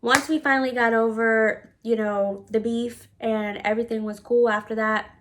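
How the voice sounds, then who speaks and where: A woman recounts a personal story in a loose, casual storytime style. Her voice sits a bit high, and her delivery is brash, sassy and full of profanity. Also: fairly even intonation, normal speed, noisy background. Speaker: vlogger telling a personal story.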